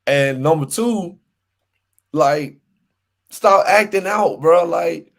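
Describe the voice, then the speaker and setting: A man's voice: a little high, slow, gravelly. A man co-hosting a casual sports podcast, ranting with lots of repetition and laughter. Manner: animated ranting, repeats himself, laughs often. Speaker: podcast co-host.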